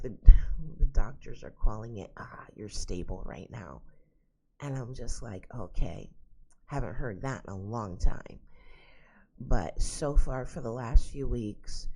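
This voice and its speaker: A woman's voice: very deep voice, dark tone, husky. A woman vlogging at home, chatting casually to camera and telling exasperated stories full of asides. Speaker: psychic vlogger. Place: at home indoors.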